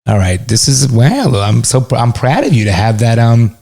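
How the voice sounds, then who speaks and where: A middle-aged man co-hosting a podcast in casual, relaxed chat, swearing freely. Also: medium pitch, moderate pace, creaky. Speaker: podcast co-host, father.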